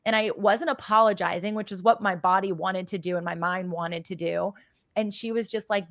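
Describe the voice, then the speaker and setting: A woman's voice: mid-range voice, steady tone, normal speed, fairly bright tone, no room sound, clean studio sound. A woman, a mother and podcast guest, telling a heartfelt personal story in a casual chat, earnest and effusive. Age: adult with children.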